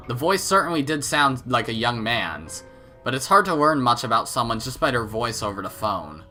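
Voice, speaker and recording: Lively man reading a visual novel. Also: mid-range voice, normal speed, faint music behind. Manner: expressive, animated reading. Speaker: let's play narrator.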